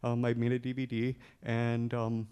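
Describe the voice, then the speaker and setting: A man's voice: mid-range voice, monotone, normal speed, warm tone, clear, resonant tone. A man telling a funny personal story, acting out the lines of the people in it and laughing often. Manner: humorous storyteller, acts out dialogue. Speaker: speaker telling his story. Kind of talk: storytelling talk.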